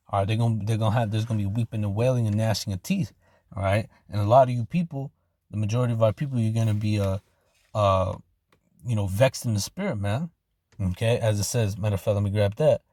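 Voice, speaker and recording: Slangy preacher man, low dry voice. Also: dry recording. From Arizona, United States. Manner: casual street slang, repeats "man" and "okay"; reads scripture slowly and loudly. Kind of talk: informal sermon with scripture reading.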